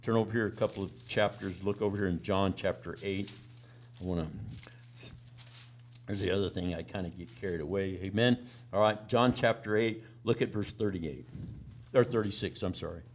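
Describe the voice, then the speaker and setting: A man's voice: sits low, steady tone, moderate pace, slight background noise. Folksy country preacher man, calling "amen?". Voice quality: plain country-boy way of talking. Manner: folksy, repeats "amen?" and "all right?" to the congregation. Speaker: pastor. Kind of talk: sermon.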